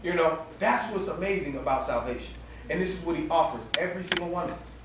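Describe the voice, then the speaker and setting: A man preaching a sermon at a campus ministry gathering, telling a story in a lively, laughing, colloquial way. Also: a little high, quick pace, a little hiss or hum. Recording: echoey room heard from far off.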